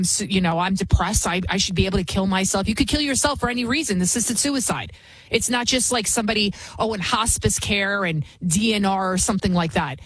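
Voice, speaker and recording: Husky-voiced woman in fervent commentary. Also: mid-range voice, dry recording. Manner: fervent, emphatic, with frequent restarts. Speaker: talk show host. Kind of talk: opinionated political commentary.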